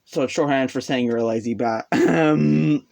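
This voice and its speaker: A man's voice: medium pitch, normal speed, creaky, darkish tone. A man casually explaining what he has taught himself, rambling and hesitant, poking fun at himself and sounding out vowels aloud as he goes. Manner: rambling, hesitant, self-deprecating. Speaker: hobbyist explaining a language.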